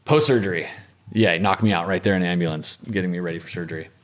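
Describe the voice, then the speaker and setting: A man as an interview guest, telling a personal story in a reflective, matter-of-fact way that often trails off softly. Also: low-pitched, fast. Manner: reflective, matter-of-fact, with frequent restarts and trailing soft phrases.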